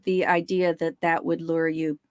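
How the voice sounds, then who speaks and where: A woman's voice: sits low, flat delivery, moderate pace, no echo. A woman co-hosting a podcast, asking supportive, affirming questions. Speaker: podcast co-host. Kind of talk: interview on a podcast.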